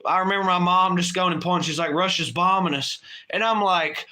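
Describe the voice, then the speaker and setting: A man's voice: high voice, expressive, normal speed, pushed and bright. A man co-hosting a late-night livestream, chatting casually in a rambling, profane way and laughing often. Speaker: livestream co-host.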